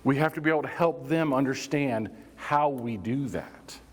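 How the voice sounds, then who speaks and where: A man's voice: mid-range voice, moderate pace. Man training a workshop in a reverberant hall. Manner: conversational, engages audience with prompts and acted examples. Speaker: workplace safety trainer. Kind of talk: live training workshop talk.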